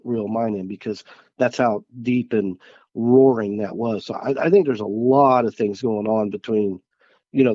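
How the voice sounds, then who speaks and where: A man from Missouri, a guest on an interview podcast, recounting experiences in a halting, earnest way with frequent restarts. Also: mid-range voice, a little mellow, no echo, muffled recording. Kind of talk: casual interview chat.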